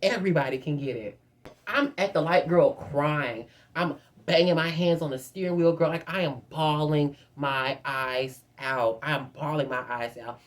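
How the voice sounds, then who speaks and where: A woman's voice: low voice, fairly even intonation, measured pace, hardly any pauses. A young woman vlogger telling a dramatic, profane storytime straight to her viewers. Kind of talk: casual storytime.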